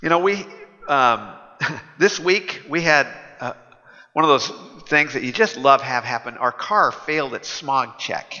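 Pastor, man, very bright voice, casual humorous sermon, echoey hall. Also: medium pitch, expressive, measured pace, highs cut off. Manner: conversational, humorous, chuckling.

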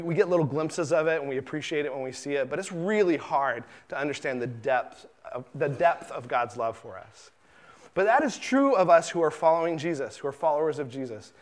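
A middle-aged man preaching a sermon in a relaxed, conversational way, often repeating words and acting out the lines he quotes. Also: fairly high pitch. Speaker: pastor.

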